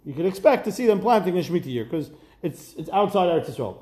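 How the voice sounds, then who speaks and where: Animated high-voiced rabbi teaching Talmud. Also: male voice, fast talker, reverberant. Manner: lively, questioning, mixes Hebrew-Aramaic terms into English. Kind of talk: Talmud class lecture.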